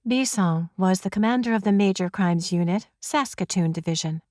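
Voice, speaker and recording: A woman's voice: mid-range voice, normal speed, few pauses, a little mellow, dry recording. A woman reading a first-person crime audiobook in a wry, conversational storytelling manner, close to the mic. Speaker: audiobook narrator.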